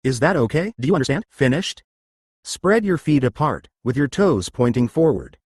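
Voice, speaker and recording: A man's voice: mid-range voice, animated, moderate pace, slightly rough, no echo, studio quality. A man leading exercise and breathing drills, giving step-by-step commands and coaching his listeners through each movement. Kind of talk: guided exercise instruction.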